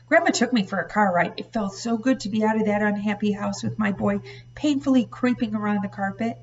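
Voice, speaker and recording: A woman reading a novel aloud in a steady, expressive narrating voice. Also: mid-range voice, brisk. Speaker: reader. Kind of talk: audiobook read-aloud narration. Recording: dull, slightly distant recording.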